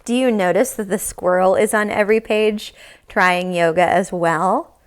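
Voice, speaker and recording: A woman's voice: mid-range voice, fairly even intonation, moderate pace, smooth. A young woman teaching yoga to young children in a sing-song, encouraging way. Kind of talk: leading a kids' yoga class.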